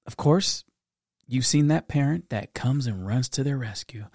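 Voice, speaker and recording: A man's voice: mid-range voice, a little slow, slightly rough, no echo. Middle-aged guy rambling about parenting, jumps into silly voices, dry close sound. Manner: animated storytelling with impressions and laughs. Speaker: parent giving advice. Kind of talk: casual monologue.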